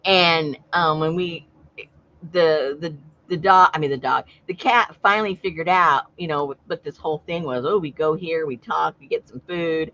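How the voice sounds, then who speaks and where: A woman's voice: low voice, moderate pace, fairly bright tone. A woman chatting casually on a livestream, telling stories and laughing often. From Southern California. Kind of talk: casual chat. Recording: dull lo-fi sound.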